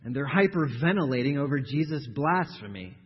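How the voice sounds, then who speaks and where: A man preaching a sermon, emphatic, building to forceful stressed phrases and repeating words. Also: medium pitch, expressive, a little fast, husky. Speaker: pastor. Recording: dull sound with long hall reverb.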